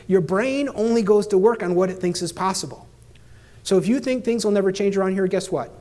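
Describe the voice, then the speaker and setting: A middle-aged man giving an energetic motivational keynote, talking straight at the audience in punchy phrases. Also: sits high. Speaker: keynote speaker.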